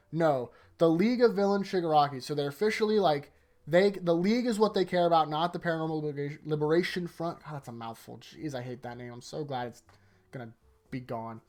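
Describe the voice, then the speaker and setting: A YouTuber giving a casual, rambling manga chapter review late at night, tired, leaning on "like" a lot and often trailing off into a quieter voice. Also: mid-range voice, fast. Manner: rambling, heavy use of "like", sentences often trailing off softer. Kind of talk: casual video commentary.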